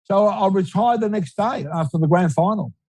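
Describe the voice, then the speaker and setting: Australian man, sixties, rambling storyteller, slightly high voice, dry close mic. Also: brisk, warm tone, no room sound, rough recording. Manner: rambling, repeats words, laughs easily. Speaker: retired footballer guest. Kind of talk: casual storytelling interview.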